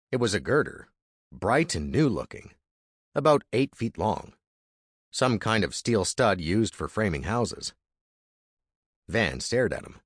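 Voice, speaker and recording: A man reading an audiobook in an expressive, dramatic manner, recorded on a close studio mic. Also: on the low side, unhurried, long pauses, breathy edge, dry recording. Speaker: audiobook narrator. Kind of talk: scripted audiobook narration.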